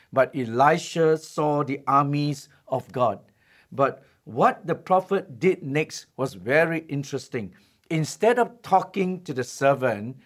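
A man preaching a sermon as pastor, telling stories and slowing down to stress his key points. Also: a little high. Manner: storytelling preacher, emphatic, slows for key lines.

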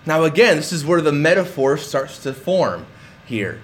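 A man's voice: on the high side, very animated, moderate pace, a little hiss or hum. A man preaching a conversational sermon in a church, restarting phrases and acting out quotes with animation. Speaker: pastor.

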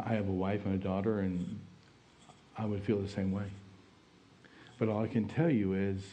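A pastor preaching a sermon, telling a personal story in an earnest, plain way. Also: male voice, lowish voice, mellow.

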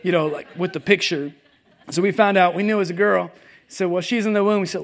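A man preaching a sermon, telling a personal story with humor and animated swings between hushed and loud delivery. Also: high voice, fast. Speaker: pastor. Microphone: presentation with slides, live audience.

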